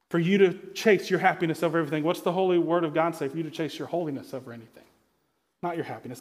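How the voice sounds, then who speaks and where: A male pastor in his thirties delivers a sermon with a high-pitched voice. He talks in a loose, conversational way and sinks into a quieter, intense tone to press his points.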